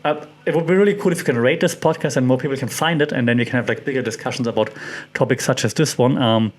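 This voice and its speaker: A man's voice: mid-range voice, quick pace. A man hosting a solo podcast, thinking aloud with many fillers and restarts and putting questions to his listeners. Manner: curious, puts questions to listeners. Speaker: podcast host. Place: lives in Thailand.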